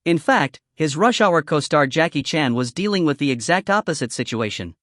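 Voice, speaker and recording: A man giving scripted narration for a compilation video, in an even, informative delivery. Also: on the high side, normal speed, no echo, studio quality.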